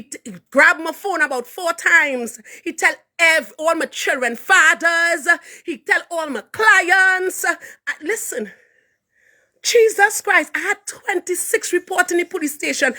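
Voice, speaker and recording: A woman with a Trinidadian accent who is a minister, giving an impassioned live testimony with fervent, preaching delivery that rises to shouts. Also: high voice. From Trinidad and Tobago. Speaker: minister and hairdresser.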